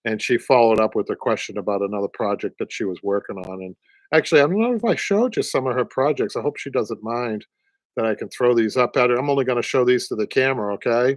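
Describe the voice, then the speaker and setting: A man's voice: medium pitch, fast talker, no room sound. Older man, boston accent, chatty, rambling, dry close sound. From Boston area, USA. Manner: chatty, rambling, repeats words, laughs often. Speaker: upholstery show host. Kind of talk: casual livestream chat.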